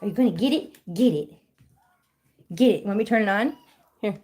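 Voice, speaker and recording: Chatting with viewers on her casual livestream, a middle-aged woman reads comments aloud and answers them, breaking off to coo baby talk at her kittens. Her voice is mid-range and a little mellow, and she talks fairly quickly.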